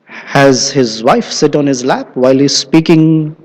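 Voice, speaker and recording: A man's voice: medium pitch, a little slow, natural voice. A man voicing a king who makes an amused, teasing remark in a story. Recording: long hall reverb.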